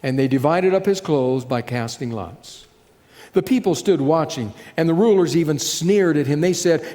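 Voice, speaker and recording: A man preaching with a fairly high voice, building scenes dramatically and then dropping low and slow for weight. His words carry a long reverb that hangs in a large hall. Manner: dramatic, slowing and dropping softly on key phrases. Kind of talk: sermon.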